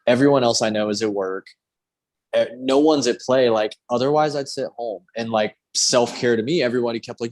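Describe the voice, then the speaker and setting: A man's voice: medium pitch, brisk, a little mellow. Candid swearing male tattoo artist host. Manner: candid, swears freely, acts out quoted remarks. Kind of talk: casual chat.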